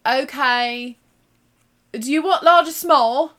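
A woman voicing an impatient Cumbrian woman at a sandwich counter, who repeats herself loudly and slowly. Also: high-pitched, voice pushed up. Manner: loud, repeating herself slower and louder.

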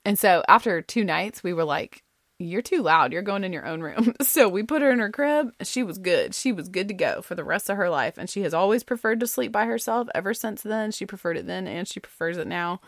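A woman's voice: mid-range voice, a little fast, hardly any pauses, no echo, clean studio sound. Chatty woman telling a family story. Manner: chatty and animated, full of "like" and "you know", laughs often. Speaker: storyteller sharing a family anecdote; mother. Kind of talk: casual personal storytelling.

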